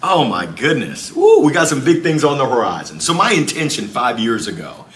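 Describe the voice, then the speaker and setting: Upbeat male guest, animated storyteller, roomy sound with faint ambient noise. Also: mid-range voice, moderate pace. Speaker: guest speaker. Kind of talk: lively interview conversation.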